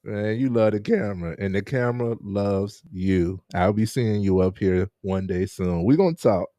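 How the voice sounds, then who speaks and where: A man's voice: lowish voice, fairly even intonation, normal speed, warm tone, no echo, studio quality. A man hosting a casual live-streamed interview, chatting with viewers and laughing often. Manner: laid-back, laughs often, chats with viewers.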